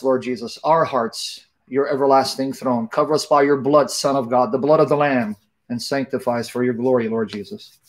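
A middle-aged man with a medium-pitched voice hosts a live online talk. He jokes casually with his viewers, then shifts into fervent prayer with long, repetitive invocations.

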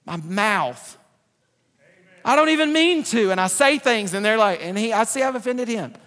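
High, excitable preacher in a hall. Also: male voice, a little fast. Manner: animated, jokey preaching with loud outbursts. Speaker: pastor. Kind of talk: sermon. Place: large church sanctuary. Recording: reverberant church hall.

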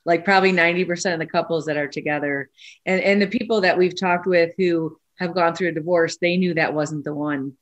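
A woman's voice: fairly low pitch, fairly even intonation, fairly quick. A woman co-hosting a relationship podcast, asking the guests curious questions. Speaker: podcast co-host. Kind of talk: interviewing.

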